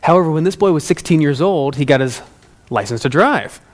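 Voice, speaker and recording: Animated male storyteller, slightly higher voice. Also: fairly quick. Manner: animated, conversational, addresses listeners directly. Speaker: motivational speaker. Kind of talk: storytelling talk.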